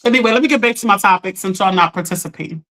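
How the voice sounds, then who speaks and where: A woman's voice: mid-range voice, racing, fairly bright tone, slight background noise. A woman hosting a casual coaching livestream, talking straight to her viewers in a chatty, direct way.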